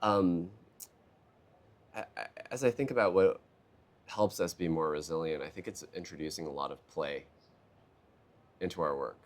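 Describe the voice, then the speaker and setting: Deep-voiced man telling lively stories. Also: moderate pace, pauses often. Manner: animated storyteller, acts out quotes in a raised voice. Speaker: keynote speaker. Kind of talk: conversational interview. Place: live event booth.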